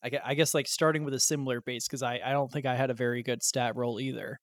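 A young man chatting casually about his tabletop game character and telling animated, casually profane stories. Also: medium pitch, fast, dry recording, clean studio sound. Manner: animated storyteller, swears casually. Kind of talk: casual podcast chat.

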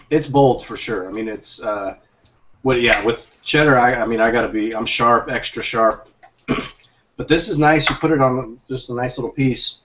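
A man co-hosting a casual tasting chat, laid-back and joking, often clearing his throat. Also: medium pitch, moderate pace, a bit bright, distant mic, a little hiss or hum. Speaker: co-host of a cigar pairing show. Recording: dull lo-fi audio.

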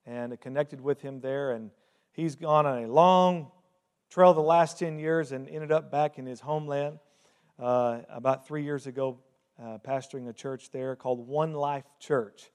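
A man's voice: medium pitch, a little mellow. A man, the host pastor, introducing a guest speaker in a chatty, rambling way. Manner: chatty, with many fillers.

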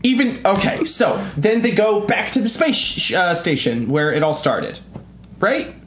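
Sarcastic incredulous co-host, lively up-and-down pitch, echoey room. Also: measured pace, slight background noise. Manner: incredulous, sarcastic, swears, sings snatches. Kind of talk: casual profane chat.

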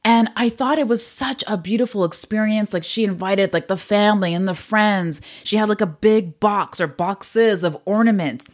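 A woman hosting a wellness podcast, talking in a casual, candid way with many fillers and frequent laughs, a little choked up at times. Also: mid-range voice. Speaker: podcast host. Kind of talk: casual solo podcast talk.

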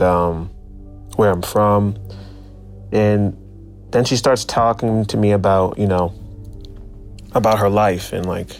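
A man's voice: low voice, gravelly, darkish tone. A man casually telling a personal story, reflective and searching for his words. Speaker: guest storyteller.

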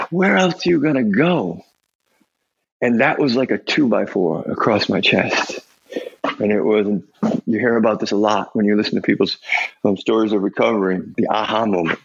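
A man's voice: on the low side, vocal fry, breathy edge, lo-fi sound. A middle-aged man telling his recovery story as a podcast guest, blunt and profane, acting out the voices of people in his story. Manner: blunt, profane, laughs often.

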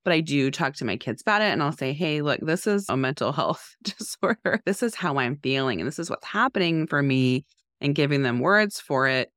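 A woman's voice: deep voice, a little fast, dry recording, studio quality. A woman, a podcast co-host and mental health therapist, talking candidly in casual conversation with many "like" fillers. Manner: candid, animated, frequent "like" fillers.

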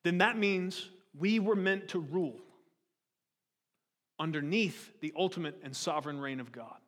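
Guy preaching, high-ish voice, lots of questions to the crowd, big echoey church hall. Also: unhurried. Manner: animated preaching, rhetorical questions to the congregation. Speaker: pastor. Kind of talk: sermon. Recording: long hall reverb.

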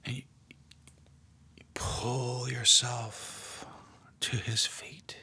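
A man leading a guided prayer meditation, speaking slowly and softly and often dropping to a whisper. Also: mid-range voice, little pitch movement, gravelly, slightly rough. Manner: slow, hushed, often whispering. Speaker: prayer leader.

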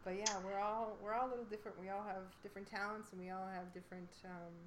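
A woman's voice: mid-range voice, steady tone, quick pace, a little hiss or hum. A woman opera singer hosting a podcast, talking loosely with lots of "like" and "you know.". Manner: loose, filler-heavy talk with many "like" and "you know". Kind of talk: casual podcast chat.

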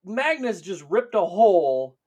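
High-voiced excitable storyteller man. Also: unhurried, husky. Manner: animated, laughing, profane storytelling. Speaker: podcast co-host. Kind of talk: casual chat retelling lore.

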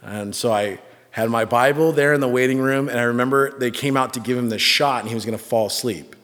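A man preaching a sermon, telling a personal story with an animated, self-mocking manner. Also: medium pitch, fairly quick. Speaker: pastor. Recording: reverberant hall.

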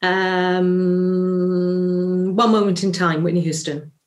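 A woman's voice: lowish voice, level tone, slow pace, a little mellow. A middle-aged woman, a stage actress, talks freely as an interview guest. Her speech circles back on itself with restarts and "you know" as she shares advice. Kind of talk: casual interview chat.

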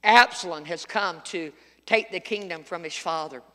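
A man's voice: high voice, normal speed, bright, forceful tone, long reverb tail. A middle-aged male pastor preaching a sermon, telling folksy stories with sudden emphatic outbursts.

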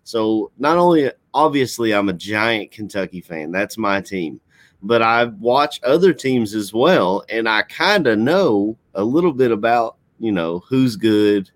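A man's voice: lowish voice, no echo. A man co-hosting a casual sports talk show over a computer call, blunt and swearing freely. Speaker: podcast co-host.

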